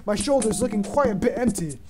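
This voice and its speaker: A man's voice: high-pitched, lively intonation, fairly quick. A man voicing a boastful male pirate from a video game, reading the lines aloud with a growly "har har" delivery. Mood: theatrical. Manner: growly "har har" pirate talk, sing-song.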